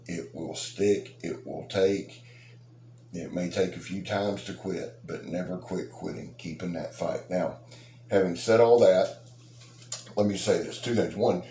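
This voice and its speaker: Outdoors, a middle-aged man hosting a knife channel chats casually to his subscribers, rambling, joking and boasting. His voice is deep and warm, and the recording has a roomy echo with faint noise.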